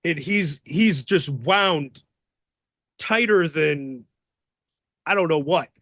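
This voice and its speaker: High, bright-voiced man telling wild road stories. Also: takes it slowly, dry recording, clean studio sound. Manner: profane, excitable storyteller acting out others' voices. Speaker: wrestling guest telling stories. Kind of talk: casual storytelling interview.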